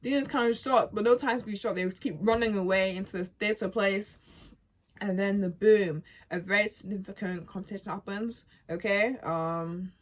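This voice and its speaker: A woman's voice: mid-range voice, normal speed. A young woman vlogger chatting casually and rambling about a video game, often stopping to correct herself. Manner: rambling, self-correcting, animated. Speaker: gaming vlogger.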